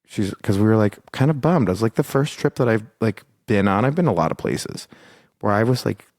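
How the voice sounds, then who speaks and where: Man, young adult, low-pitched, rambling casual storytelling, filler-heavy, dry close mic. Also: expressive, brisk, darkish tone, dry recording. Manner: rambling storyteller, swears, lots of "like". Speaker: podcast co-host. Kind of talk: casual chat.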